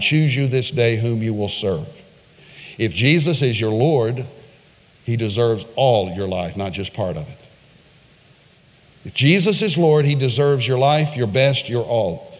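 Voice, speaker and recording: A male pastor preaching a sermon, retelling a story with dramatic pitch swings and voiced quotes. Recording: long reverb of a large hall.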